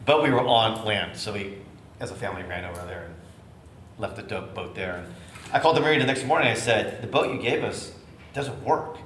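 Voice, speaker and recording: Man telling an animated story, echoey room. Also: fairly low pitch, brisk. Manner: animated storyteller, acts out voices. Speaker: bishop. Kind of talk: storytelling sermon. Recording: echoey room with faint noise.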